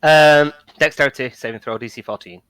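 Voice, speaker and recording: Bright-voiced man arguing his move. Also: fairly high pitch, smooth, no echo, low-quality recording. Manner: eager, argues his case quickly. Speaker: player. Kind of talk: casual chat at a tabletop game.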